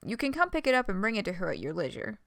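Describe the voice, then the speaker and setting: A woman voicing a breezy young man with a casual, brisk way of talking, read aloud from a story. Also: medium pitch, very animated, gravelly, no room sound, clean studio sound.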